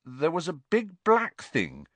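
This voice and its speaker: A man's voice: fairly high pitch, huge pitch swings, slow pace, fairly bright tone, dry recording, voice pushed up, exaggerated voice. A man voicing a wary teenage boy wizard who answers nervously and evasively.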